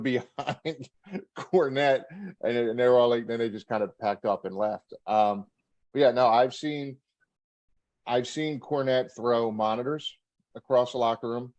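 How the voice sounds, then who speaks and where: A man's voice: medium pitch, steady tone, moderate pace, a little mellow, muffled recording. A middle-aged man, a former wrestler, telling backstage stories in a casual interview, laughing and acting out quotes. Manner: laughing anecdotal storyteller, acts out quotes.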